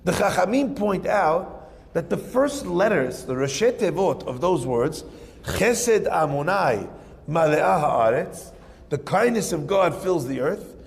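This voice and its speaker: A male rabbi teaching with a high, gravelly voice, firing off rhetorical questions and telling stories with energy. His voice carries the long reverb of a hall. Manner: rhetorical questions, lively storytelling. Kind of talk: Torah lesson.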